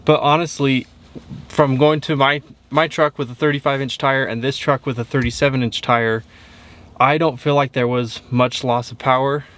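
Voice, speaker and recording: A man's voice: medium pitch, steady tone, moderate pace, fairly bright tone. A man giving a casual, upbeat walkaround of a truck in a vlog, with frequent fillers. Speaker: truck reviewer. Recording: windy outdoor noise.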